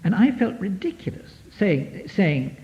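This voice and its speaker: Male therapist lecturer, animated and rambling, on a dull archive recording. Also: high voice, a little slow. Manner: lively, digressive, many restarts, taps out rhythms. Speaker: psychotherapist giving a lecture. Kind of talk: lecture to an audience.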